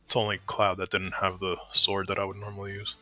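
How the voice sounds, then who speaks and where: Deep and completely flat, this young man's voice moves briskly with a sharp edge as he streams a game from home on a desk mic. His casual, profane commentary rambles along with plenty of fillers and restarts, and faint music sits behind him.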